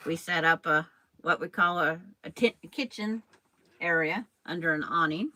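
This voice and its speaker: A woman's voice: lowish voice, moderate pace, bright, forceful tone, slight background noise, poor audio. An older woman hosting a quilting stream, chatting casually and rambling while she sews and talks to viewers by name. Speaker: quilting channel host. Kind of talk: casual chat while sewing on a live stream.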